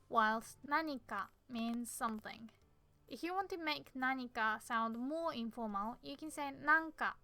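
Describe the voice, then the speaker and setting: A Japanese woman with a Japanese accent, a native Japanese speaker teaching a beginner language lesson, explaining patiently step by step and repeating words slowly. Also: fairly high pitch, pushed and bright, dry recording.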